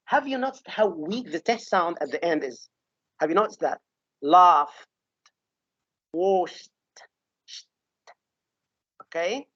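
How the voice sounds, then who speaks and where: A woman's voice: lowish voice, expressive, breathy edge, no room sound. Woman teaching pronunciation over a webinar. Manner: patient, repeats example words slowly, checks in with "okay?". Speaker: English teacher giving a webinar. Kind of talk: online pronunciation lesson. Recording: dull lo-fi webinar audio.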